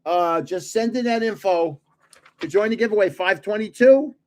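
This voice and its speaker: A man's voice: sits high, normal speed, a little mellow. An older man hosting a casual livestream, telling rambling stories and chuckling often. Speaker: channel host giving away trading cards.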